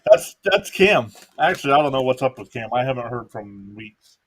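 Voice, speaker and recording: Casual male stream caller, mid-pitched, relaxed play-by-play mixed with chat. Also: a little fast. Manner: relaxed, chatty, reads viewer comments aloud. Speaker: live stream baseball commentator.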